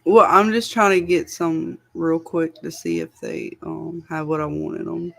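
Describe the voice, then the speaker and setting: Distracted woman thinking aloud, gravelly. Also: sits low, lively intonation, a little slow. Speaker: co-host editing a video. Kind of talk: casual livestream chat.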